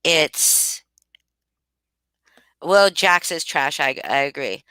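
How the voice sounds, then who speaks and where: A woman's voice: deep voice, drawn-out words, pushed and bright, clear, resonant tone, no room sound. A woman talking casually to her live chat, emphatic and repeating her points with many restarts. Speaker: livestream commentator. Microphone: home streaming mic.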